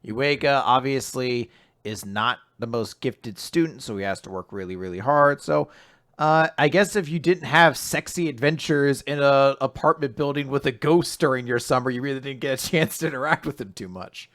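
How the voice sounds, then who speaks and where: A man's voice: mid-range voice, moderate pace. A man co-hosting a podcast, chatting casually and acting out character dialogue in voices. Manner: animated, acts out dialogue in voices. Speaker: podcast co-host. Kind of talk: casual chat recapping comics.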